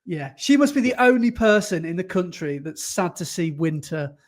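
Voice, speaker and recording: A man with a notably high voice hosts a casual podcast. He reads listener emails aloud in an animated way and breaks into laughter often. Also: moderate pace. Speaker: podcast co-host.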